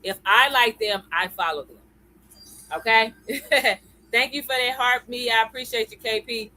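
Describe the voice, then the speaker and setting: A woman's voice: a little high, unhurried, pushed and bright, poor audio. A woman hosting a live-stream lesson. She talks in a chatty way, greets viewers by name and keeps checking in with "okay?" and "y'all.". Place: at home computer.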